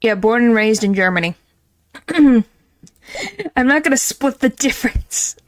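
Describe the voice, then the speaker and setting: A woman's voice: fairly high pitch, animated, unhurried, no room sound. A woman streaming a game, chatting casually and playfully to her viewers. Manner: chatty, playful, talks to herself. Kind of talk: casual chat.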